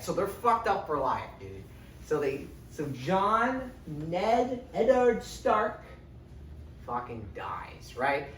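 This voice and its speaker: A man's voice: fairly high pitch, fairly bright tone. Chatty young man, roomy and far off. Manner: chatty, profane, keeps tagging "right?". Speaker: lecturer recapping a book series. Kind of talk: casual, rambling spoken recap. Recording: roomy, distant from the mic, faint hiss.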